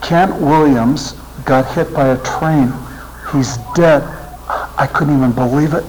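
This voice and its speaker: A man's voice: fairly high pitch, takes it slowly, darkish tone, slight background noise, low-quality recording. A middle-aged man telling a personal story to a religious audience in an earnest speaking style. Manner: earnest storytelling, voice rising with emotion. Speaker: seminary teacher and speaker.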